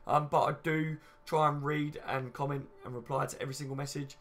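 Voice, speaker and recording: Fairly quick and fairly bright, his somewhat high voice barely shifts in pitch. He's a late-twenties man running a laid-back fan livestream, chatting like a mate, cursing casually, reading out viewer comments, and repeating "you know what I mean" constantly.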